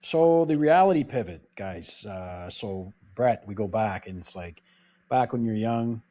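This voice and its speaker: A man's voice: lowish voice, animated, measured pace, mellow. A man hosting a podcast, easygoing, leading the chat from one guest to the next. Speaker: podcast host. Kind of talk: casual interview.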